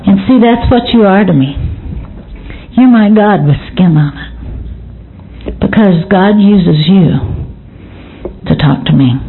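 A woman's voice: mid-range voice, husky. A woman giving an earnest personal testimony at a recovery meeting, plain-spoken and repeating key words for emphasis. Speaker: speaker sharing at a recovery meeting. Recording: tinny phone-like recording.

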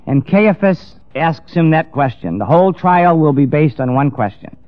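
A man's voice: fairly high pitch, lively intonation, normal speed, dry recording. A man preaching a storytelling sermon in a dramatic manner, acting out the characters. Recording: dull dry lo-fi recording, faint music.

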